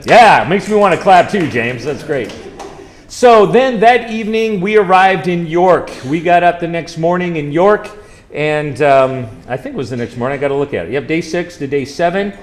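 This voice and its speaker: A man's voice: a little high, expressive, moderate pace. A man, a college chaplain, telling stories over slides and quizzing a live audience in a chatty way. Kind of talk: slide-show trip presentation.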